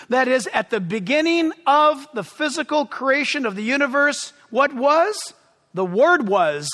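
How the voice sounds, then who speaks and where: Guy preaching all fired up, yelling w excitement, sharp bright tone, big hall echo. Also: very high voice, unhurried. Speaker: pastor. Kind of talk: sermon.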